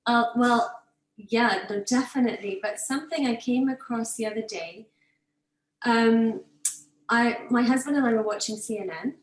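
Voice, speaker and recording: A woman on a video call casually telling a story in a steady, explanatory way. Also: fairly high pitch, normal speed, roomy sound, a little hiss or hum, rough recording.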